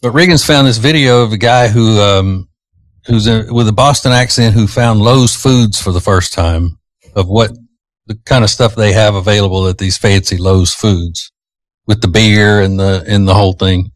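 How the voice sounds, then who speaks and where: A male radio host, low-pitched and easygoing as he rambles through his opinions and teases his co-host. He talks into a close studio mic in a dry, dead room. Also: normal speed, no room sound. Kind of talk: casual morning-show chat. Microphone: studio microphone.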